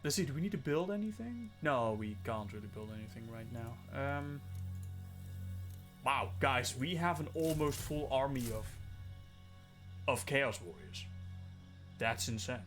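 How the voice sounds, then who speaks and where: A man streaming a strategy game, thinking aloud in casual, excitable commentary and swearing freely. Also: medium pitch, unhurried, long pauses, faint music behind. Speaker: gaming streamer. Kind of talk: casual let's-play commentary.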